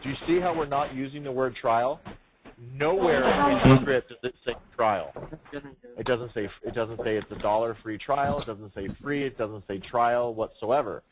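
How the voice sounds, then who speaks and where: A man's voice: mid-range voice, moderate pace. A man leading a sales training session, speaking emphatically, projecting his voice and firing rhetorical questions. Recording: noisy room recording.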